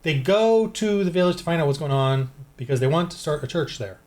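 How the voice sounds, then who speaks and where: A man's voice: fairly high pitch, animated, brisk, a little mellow. A man who designs tabletop games, talking casually into a desk microphone and thinking aloud while he rolls dice to prepare a game. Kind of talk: casual solo game-prep walkthrough.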